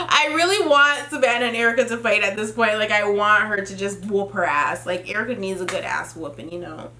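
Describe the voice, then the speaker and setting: A woman giving a casual, profane recap of a reality TV episode, animated and often laughing as she quotes the cast. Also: mid-range voice, normal speed, roomy sound, a little hiss or hum.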